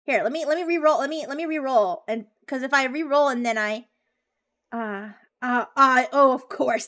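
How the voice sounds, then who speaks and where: A woman's voice: high-pitched, moderate pace, fairly bright tone. A woman streamer chatting casually and bubbly, with frequent giggles and restarts. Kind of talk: casual live-stream chat.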